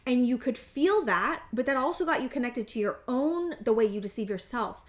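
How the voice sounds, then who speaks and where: A woman in her thirties speaks in a slightly high voice as she gives a heartfelt tarot reading. She is earnest and teary and stumbles over her words, circling back and restarting her sentences as she goes. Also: expressive. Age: 30s. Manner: earnest, halting, many restarts and fillers. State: tearful, emotional. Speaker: tarot reader. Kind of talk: emotional intuitive tarot reading.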